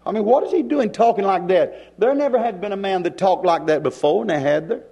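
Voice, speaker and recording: A male preacher delivering a sermon in a church, with dramatic pauses and shifts in pace. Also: high-pitched, warm tone, husky.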